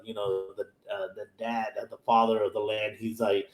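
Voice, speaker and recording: A man's voice: fairly low pitch, level tone, normal speed, few pauses. Easygoing American man in an echoey room. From Houston, Texas. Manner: loose storytelling full of "like" and "you know", acting out characters' lines. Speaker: anime podcast host. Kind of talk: casual episode recap. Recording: roomy echo.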